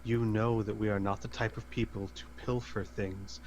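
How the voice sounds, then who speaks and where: A man playing his character in a tabletop game, calm and reasoning. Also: on the low side, moderate pace, highs cut off. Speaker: player.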